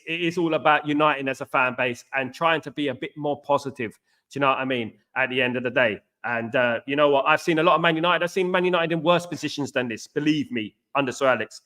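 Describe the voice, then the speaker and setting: A fan channel host from London's East End, with an East London accent, runs a live match-day stream from his home in an apartment complex abroad. His voice is on the high side, a little fast and sharp, and he's emphatic and repetitive, calling his viewers mates.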